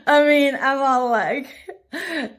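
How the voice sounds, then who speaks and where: A woman's voice: high-pitched, a little slow. A woman telling a rambling story in a casual vlog, laughing often and swearing freely. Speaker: vlogger. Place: her cousin's home.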